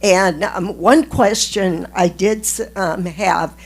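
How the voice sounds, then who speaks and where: Slow, earnest woman at a town hall. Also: medium pitch, husky. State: losing her voice. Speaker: board member. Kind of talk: statement at a town hall meeting.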